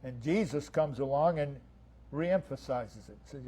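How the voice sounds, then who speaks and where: A man preaching a sermon as pastor, stressing single words and swinging between loud and soft. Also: medium pitch, unhurried, slightly rough. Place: church sanctuary.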